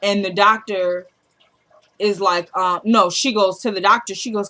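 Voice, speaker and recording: Eine Frau mit Südstaatenakzent, die locker eine Serienfolge nacherzählt und die Figuren mit tieferer Stimme zitiert. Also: female voice, steady tone, normal speed, pushed and bright. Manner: retells scenes, quoting characters in a lowered voice. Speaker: TV episode recap vlogger. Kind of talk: casual recap chat.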